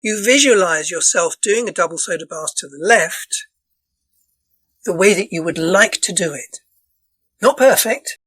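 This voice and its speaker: Hoarse man explaining earnestly. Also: sits high, animated, a little slow, long pauses, fairly bright tone, no echo, poor audio. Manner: earnest, explanatory, loops back and restarts phrases. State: voice going hoarse. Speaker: dance counsellor and guest. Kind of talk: casual podcast interview.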